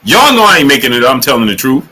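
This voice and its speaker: A man hosting a boxing livestream, giving shout-outs to the chat in casual, animated talk, sometimes dropping to a hush. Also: medium pitch, rapid-fire. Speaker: livestream boxing show host.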